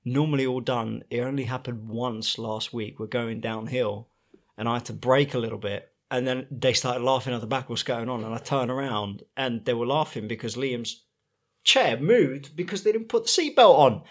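A man from Italy with an Italian accent co-hosts a relaxed chat. His voice sits in a middle pitch. He tells his stories with energy and laughs often. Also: moderate pace. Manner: lively storyteller, laughs often. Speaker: podcast co-host, father. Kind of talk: casual chat.

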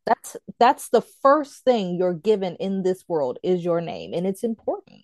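A woman guest in a casual online interview, chatty and animated as she tells stories and laughs. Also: lowish voice, measured pace, no room sound. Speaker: guest, author and tarot teacher.

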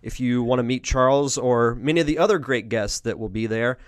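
A man hosting a podcast interview, asking friendly, brisk questions and reading event promos. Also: mid-range voice, no room sound, clean studio sound. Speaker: podcast host. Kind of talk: casual interview. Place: Pensacola, Florida area.

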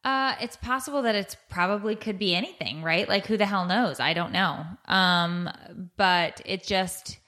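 A woman's voice: medium pitch, moderate pace, hardly any pauses, bright, forceful tone. A middle-aged woman hosting a podcast, telling stories in a rambling, casual way with many restarts. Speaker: podcast host. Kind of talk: casual chat.

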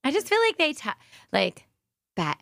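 A woman co-hosting a casual comedy chat, effusive, quick to laugh and swear. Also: sits high, huge pitch swings, creaky, fairly bright tone, no room sound, studio quality. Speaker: podcast co-host.

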